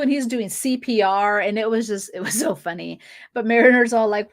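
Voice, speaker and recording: A woman hosting a fan podcast, casually reviewing episodes with a chatty, giggly manner and quick quoted asides. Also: a little high, animated. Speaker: podcast host.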